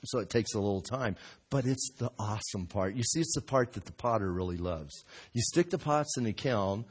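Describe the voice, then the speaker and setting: A middle-aged man preaching a sermon in a church, telling folksy stories and acting out voices with big jumps in pitch and loudness. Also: expressive, a little fast, husky. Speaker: pastor.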